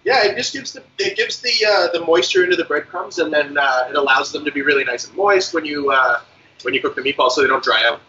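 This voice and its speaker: A man, a guest chef, explaining a recipe step by step in a relaxed way with many fillers. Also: fairly high pitch, quick pace, dull audio. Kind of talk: cooking demonstration.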